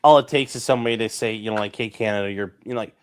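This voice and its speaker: A man's voice: lowish voice, very fast. A man co-hosting a casual political podcast, talking animatedly, swearing and mimicking people with mocking voices. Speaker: podcast co-host.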